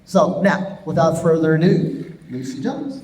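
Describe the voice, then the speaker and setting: A man from the theater staff making brisk housekeeping announcements on stage in a large theater. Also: a little high, crowd noise. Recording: echoey theater hall.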